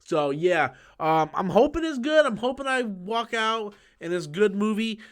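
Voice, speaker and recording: A man hosting a live-stream chat from a small room under studio lights, excitable and profane, humming movie sound effects as he talks. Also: high voice, moderate pace. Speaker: YouTube host.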